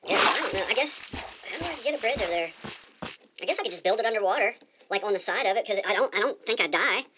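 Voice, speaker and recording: A woman's voice: medium pitch, expressive, fast talker, noisy background. A woman giving casual let's-play commentary as she plays, chatty and rambling, often repeating her words. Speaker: gamer.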